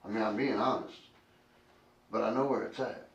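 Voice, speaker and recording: A man under police interrogation, answering in a hesitant, halting way. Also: on the low side, steady tone, vocal fry, muffled recording. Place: interrogation room. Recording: echoey room recording from a distant mic, faint background noise.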